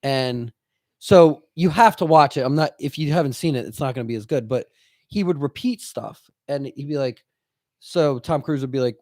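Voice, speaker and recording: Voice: medium pitch, normal speed, dry recording, studio quality. A podcast co-host in casual chat, telling stories with lots of laughter and acted-out quotes. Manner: animated storyteller, laughs often, acts out quotes.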